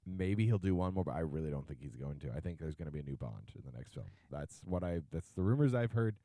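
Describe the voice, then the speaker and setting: Lively joking man, dry close mic. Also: extremely low pitch, fast talker, no room sound. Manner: joking, animated, swears casually. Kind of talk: casual chat.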